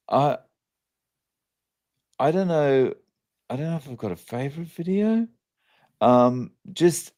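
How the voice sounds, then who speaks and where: A man co-hosting a casual online chat, talking in a relaxed, halting way with pauses. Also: lowish voice, gravelly. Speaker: co-host.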